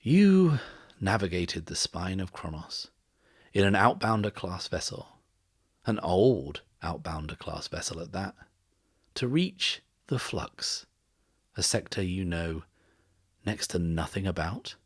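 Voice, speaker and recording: Man voicing a menacing stranger, deep, slow, measured, quietly incredulous, dry close sound. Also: sing-song, breathy edge, dry recording, exaggerated voice. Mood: quiet menace. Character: mysterious, menacing man, soft-spoken and calmly threatening.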